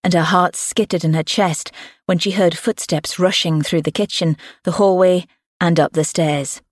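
A woman narrating a dark audiobook in an even, measured storytelling voice. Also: fairly low pitch, dry recording, clean studio sound.

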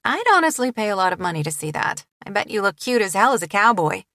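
A woman's voice: medium pitch, sing-song, fast talker, pushed and bright, no echo. A woman voicing a sardonic adult woman artist on the phone in an audiobook, dry and flippant.

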